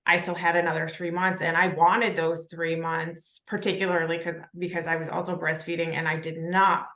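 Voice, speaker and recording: A woman's voice: fairly low pitch, little pitch movement, moderate pace, bright, forceful tone, reverberant. A woman openly sharing her own experience in a casual podcast conversation. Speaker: podcast co-host.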